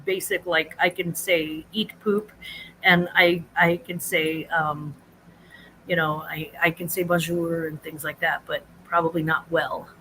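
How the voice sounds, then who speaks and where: A woman hosting a casual live chat, rambling easily and greeting her viewers in a high sing-song. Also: level tone, measured pace, pushed and bright, slight background noise, rough recording. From United States. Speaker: livestream host.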